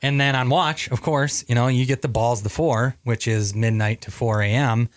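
A man's voice: medium pitch, steady tone, normal speed, dry recording, studio quality. A man from Minnesota, a Navy veteran guest, telling stories casually with many fillers and restarts. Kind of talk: casual storytelling interview.

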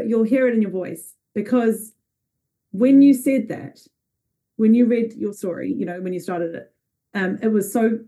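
A woman's voice: mid-range voice, warm tone. A woman asking questions on a group call in a candid, blunt way. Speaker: call participant. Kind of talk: casual conversation. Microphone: video call.

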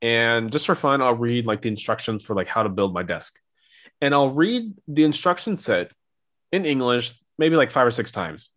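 A man's voice: mid-range voice, expressive, normal speed, a bit bright. A young man co-hosting a podcast, talking casually and rambling with lots of filler words. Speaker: podcast co-host. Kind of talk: casual chat.

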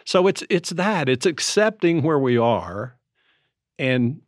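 A man's voice: fairly high pitch, big pitch swings, slow pace, no echo, studio quality. Reflective man in his seventies. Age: 70s. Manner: storytelling, reflective. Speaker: podcast co-host. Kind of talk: casual conversation. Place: Colorado.

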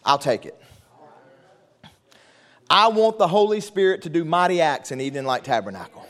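A man preaching a sermon in a church, fervent and building to shouted call-and-response. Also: fairly high pitch, big pitch swings, moderate pace, long pauses. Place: church sanctuary.

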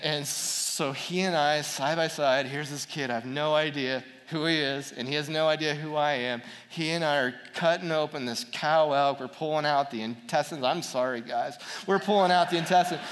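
A man telling a personal story to an audience in an animated way, acting out quotes and restarting words. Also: a little high. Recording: long hall reverb.

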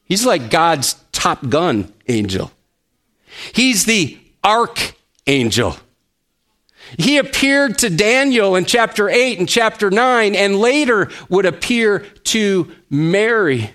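A man preaching with a notably high-pitched voice. He delivers the sermon slowly and emphatically, leaning on key words and adding gentle humor. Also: very animated. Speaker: pastor.

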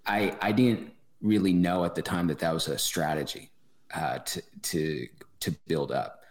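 A man's voice: low-pitched, steady tone, a little slow. A man being interviewed as a running club president, speaking thoughtfully with many restarts. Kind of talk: casual podcast interview. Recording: roomy echo.

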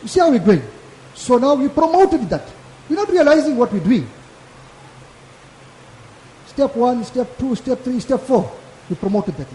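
High-voiced preacher. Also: male voice, very animated, measured pace, long pauses, dark tone. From South Africa. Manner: casual, repetitive and emphatic preaching. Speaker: maulana giving a Friday lecture. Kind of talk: Friday sermon. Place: mosque. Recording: echoey mosque hall.

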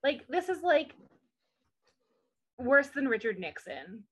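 Brief: woman co-host, casual opinionated chatter, higher voice with a very animated lilt. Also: slow, husky. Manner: chatty, opinionated, trails off in asides. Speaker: podcast co-host. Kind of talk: casual recap chat.

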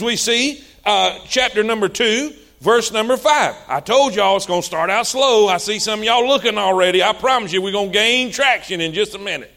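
A man preaches a sermon, his voice riding very high for a man. He teases the room with folksy asides and keeps checking that they follow along. Then he lifts into stretched-out shouted lines. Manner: call-and-response preaching, building to shouts. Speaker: pastor.

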